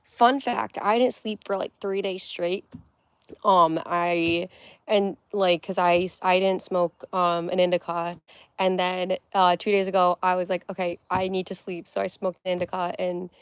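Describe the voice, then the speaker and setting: A woman's voice: on the low side, flat delivery, measured pace, clean tone, dry recording. A young adult woman hosting a casual livestream at home, rambling from one topic to the next in a scattered way. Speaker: livestream host.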